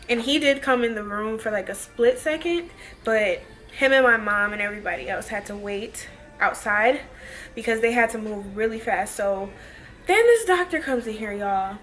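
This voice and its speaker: Chatty young woman, slightly high voice. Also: a bit bright. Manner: chatty, emotional retelling full of "like" and "y'all". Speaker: vlogger. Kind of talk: casual storytime vlog.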